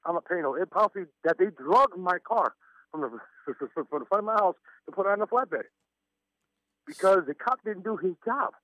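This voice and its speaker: A man's voice: high voice, lively intonation, moderate pace, sharp tone, no echo. A man calling in to a radio show, telling his story with stammers and nervous laughs. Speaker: caller. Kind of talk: phone-in story. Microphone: telephone. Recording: muffled phone line.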